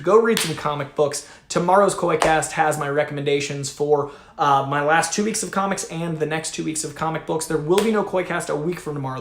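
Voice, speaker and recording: A man hosting a livestream, reading viewer super chats aloud in an energetic, profane, chatty way. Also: fairly high pitch, slight background noise. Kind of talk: casual livestream chat. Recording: echoey room.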